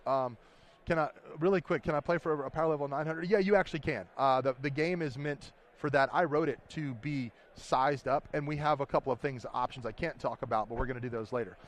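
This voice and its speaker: A man's voice: a little high, fairly quick. A man with a slightly raised voice explains his tabletop game in a convention floor interview. He talks with eager enthusiasm, rambling and restarting his sentences as ideas pile up. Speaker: game designer. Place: busy convention hall.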